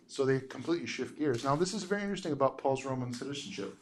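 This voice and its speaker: A man teaching a casual Bible lesson, telling the story with lively quoted voices and frequent laughs. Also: mid-range voice, very fast. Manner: animated storytelling, acts out quotes, laughs often.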